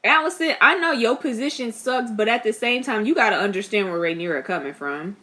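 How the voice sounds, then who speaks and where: A young woman giving casual reaction commentary. She is chatty and expressive, laughs often, and talks back at the screen. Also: on the high side, brisk, slight background noise. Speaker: reaction vlogger.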